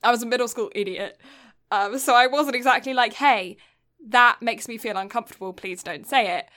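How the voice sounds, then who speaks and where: A woman's voice: fairly high pitch, fairly quick, a bit bright. A young woman from Britain telling a long story in casual chat, rambling with lots of fillers and getting exasperated.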